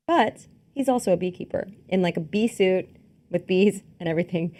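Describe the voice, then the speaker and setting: A woman co-hosting a podcast, chatting casually about film trailers, rambling with fillers and quick laughs. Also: lowish voice, mellow. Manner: rambling, lots of fillers and restarts, laughs easily. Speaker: podcast co-host.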